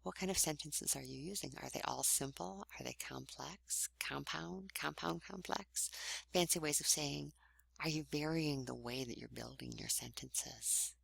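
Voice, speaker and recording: A woman, a writing instructor, giving a recorded online lecture in a conversational, explanatory way, often trailing off into breathy endings. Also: a bass voice, normal speed, no room sound.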